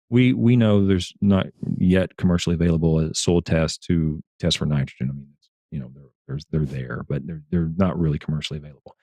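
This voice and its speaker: Male turf scientist guest, low voice, earnest, animated storyteller, dry sound. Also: no room sound. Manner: earnest, repeats words and restarts phrases. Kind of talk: casual livestream discussion.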